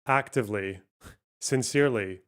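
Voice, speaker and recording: A man's voice: fairly low pitch, normal speed, a bit bright. A man hosting a stream, giving casual, sarcastic reaction commentary with frequent swearing. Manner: sarcastic, swearing, laughing asides. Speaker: streamer host.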